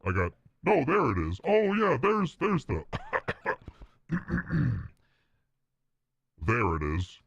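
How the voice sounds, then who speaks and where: A man doing a very deep, monotone voice through a pitch-lowering voice changer, deadpan and mock-serious. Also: takes it slowly, gravelly, pauses often, breathy edge, no echo, highs cut off, full character voice. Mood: smug.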